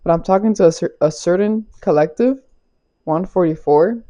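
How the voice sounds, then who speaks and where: A woman's voice: on the low side, normal speed, dark tone. A young woman giving a casual spiritual tarot reading, loose and chatty, laughing often and swearing casually. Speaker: tarot reader. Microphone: small clip-on mic.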